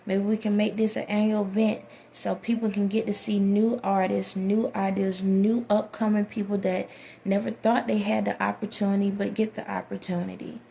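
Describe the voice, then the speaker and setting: Gravelly woman giving a pep talk. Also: medium pitch, level tone, normal speed, mellow, slight background noise. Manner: preachy, repeats "okay?" to check in with viewers. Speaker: vlogger. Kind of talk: motivational monologue to camera. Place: someone else's house.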